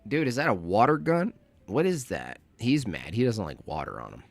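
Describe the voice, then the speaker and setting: Sarcastic, animated male streamer. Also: lowish voice, normal speed, creaky, soft background music. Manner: mocking, rambling, animated. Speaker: streamer reacting to protest footage. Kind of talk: sarcastic live commentary.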